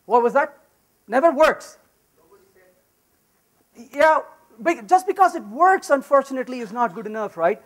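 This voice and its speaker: A man's voice: very high voice, moderate pace, long pauses. A man giving a live technical conference talk, joking with the audience and often asking "right?". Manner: animated and joking, repeats "right?". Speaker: conference speaker.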